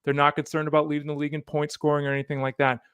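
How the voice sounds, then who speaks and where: A man hosting a solo fantasy football podcast, animated and opinionated, talking straight to the listener. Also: a little high, racing, clear, resonant tone, dry recording. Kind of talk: solo sports podcast commentary.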